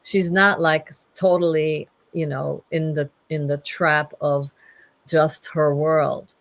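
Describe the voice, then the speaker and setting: Woman host chatting, lowish voice, teasing and laughing a lot, dry close sound. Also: flat delivery, slow, dry recording, poor audio. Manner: playful, teasing, laughs often. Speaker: podcast host. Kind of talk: casual conversation.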